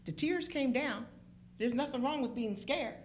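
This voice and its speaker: A woman's voice: high-pitched, moderate pace, a little hiss or hum. A woman from Pittsburgh who works as a phlebotomist, telling stories emphatically in a casual group chat. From Pittsburgh, Pennsylvania. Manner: animated, emphatic storyteller who acts out quotes. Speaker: phlebotomist guest.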